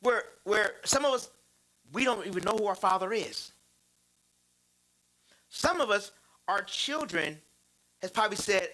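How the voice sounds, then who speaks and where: A man in his thirties preaching about fatherhood through personal stories, animated and laughing, repeating phrases for emphasis. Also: sits high, unhurried, long pauses, rough recording. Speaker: church speaker on fatherhood.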